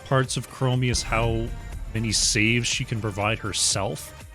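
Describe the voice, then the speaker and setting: A man casting an esports match play-by-play in a measured way, with his voice often dropping quietly at the ends of his phrases. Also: medium pitch, fairly even intonation, faint music behind. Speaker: esports caster.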